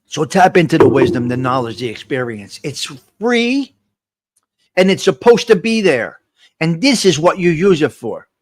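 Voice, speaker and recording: A man's voice: fairly high pitch, very animated, normal speed. A man hosting a live morning coffee chat, talking straight to his viewers in a motivational, repetitive way and reading out their comments. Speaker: livestream host.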